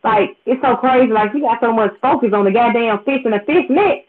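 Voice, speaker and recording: A podcast host from Memphis, Tennessee, with a drawl and a mid-range voice, talking a little fast over audio thin like a phone line. He's telling stories in a casual rant, swearing a lot and repeating himself emphatically.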